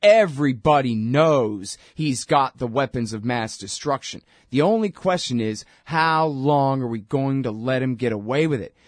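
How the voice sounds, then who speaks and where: A man with a slightly raised pitch hosts his own talk show, ranting through a sarcastic monologue. He mocks and scoffs as he goes, piling up pointed asides. The recording is close and dry, with no room sound. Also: dry recording. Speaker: radio show host.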